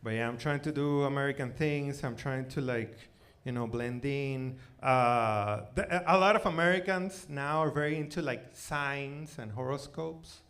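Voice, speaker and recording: A man in his forties from Venezuela with a Spanish accent, performing a self-mocking stand-up set on a theater stage, loud one moment and muttering the next. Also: medium pitch, measured pace, hardly any pauses. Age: 40s. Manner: animated, self-mocking, swings between loud outbursts and mutters. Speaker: stand-up comedian.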